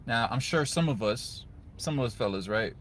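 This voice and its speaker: A young man, giving casual, earnest advice to other men, often turning to the listener with a quick "right?". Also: mid-range voice, lively intonation, a bit bright, slight background noise. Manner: earnest, conversational, repeats "guys" and "right?". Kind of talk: casual motivational talk to camera.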